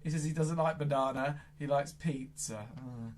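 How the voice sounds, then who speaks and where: At a normal speed and in a mid-range voice, a children's entertainer performs goofy, exaggerated magic show patter. The delivery leaps from loud squeals to whispered asides.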